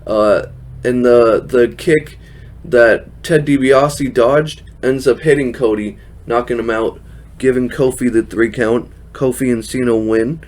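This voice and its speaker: A man talks through a casual show recap in a chatty, loose way. He laughs often and drops plenty of fillers as he goes, at an ordinary mid pitch. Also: fairly even intonation, a little slow, darkish tone. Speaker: wrestling recap host.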